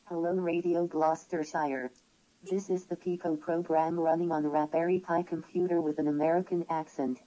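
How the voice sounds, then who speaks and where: A modern speech synthesizer with a female voice, smooth and synthetic, played from a computer. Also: deep voice, level tone, normal speed, warm tone, low-quality recording. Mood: even.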